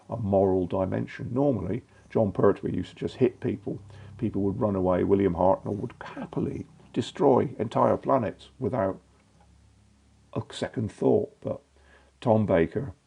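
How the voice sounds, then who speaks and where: A man's voice: lowish voice, vocal fry, dark tone, husky. A man, a guest on a podcast, talking with dry wit. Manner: dry, witty delivery. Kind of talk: casual chat.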